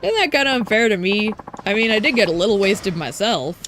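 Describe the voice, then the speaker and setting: A woman's voice: mid-range voice, expressive, a little fast, fairly bright tone, a little hiss or hum, lightly acted. A woman reading aloud as a weary, puzzled man who is a baseball player, dry and bemused.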